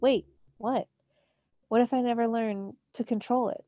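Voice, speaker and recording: A woman reading the lines of an excitable, outspoken boy hero in a storybook, exclaiming louder and higher than her narration. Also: measured pace, no room sound, narrow, tinny audio, natural voice. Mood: agitated.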